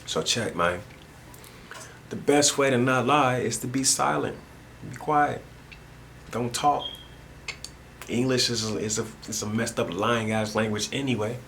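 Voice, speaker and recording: A man's voice: mid-range voice, measured pace, vocal fry, long pauses, a bit bright, slight background noise. A man talking in a rambling monologue at home, repeating himself and using heavy street slang. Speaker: vlogger. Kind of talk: casual spoken monologue. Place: at home indoors.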